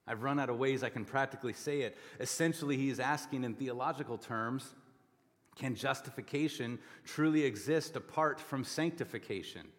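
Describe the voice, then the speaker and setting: A man preaching a sermon as pastor, explaining scripture and pressing his points with forceful repetition. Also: mid-range voice, moderate pace, big-room sound. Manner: emphatic, rising to forceful repetition. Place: church sanctuary.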